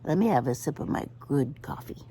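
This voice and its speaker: A woman's voice: a bass voice, expressive, fairly quick, gravelly, mellow, a little hiss or hum. An older woman chatting to camera outdoors, telling a story with lots of laughter. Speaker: vlogger.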